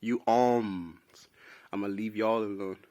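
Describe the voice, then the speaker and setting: Rambling casual young man, lowish voice. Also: fairly even intonation, measured pace, dark tone. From South Sudan. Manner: casual, rambling, says "bro" a lot. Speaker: vlogger. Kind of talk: unscripted opinion monologue.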